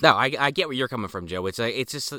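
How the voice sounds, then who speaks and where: Podcast co-host, man; clear and bright voice, dry close sound, expressive and jokey. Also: mid-range voice, quick pace, no room sound. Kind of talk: casual movie review chat.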